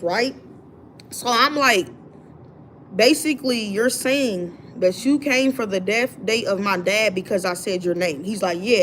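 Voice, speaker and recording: A woman's voice: medium pitch, a bit bright, a little hiss or hum. A woman hosting her own livestream, telling a story with emphasis, lots of repetition and slang. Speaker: livestream host. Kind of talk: casual livestream rant.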